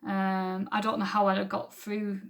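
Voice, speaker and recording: Woman, church testimony to camera, gravelly, monotone, earnest and rambling. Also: mid-range voice, moderate pace. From England. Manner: earnest, rambling, with frequent ums. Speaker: church member giving testimony. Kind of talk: unrehearsed personal testimony to camera. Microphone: camera recording at home.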